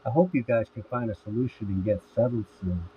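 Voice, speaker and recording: A man's voice: on the low side, a little fast, close to an everyday voice. A man reading the lines of a sarcastic young man in jail, in a dry, plain voice. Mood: wry. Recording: tinny phone-like audio with faint hiss.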